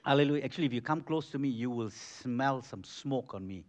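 A man's voice: mid-range voice, lively intonation, brisk, a little mellow. A middle-aged man preaching a sermon as pastor in a church, conversational, with frequent restarts.

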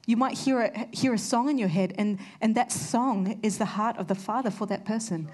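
A woman's voice: fairly high pitch, moderate pace, darkish tone. Earnest woman preaching a sermon. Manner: earnest, storytelling with conversational asides.

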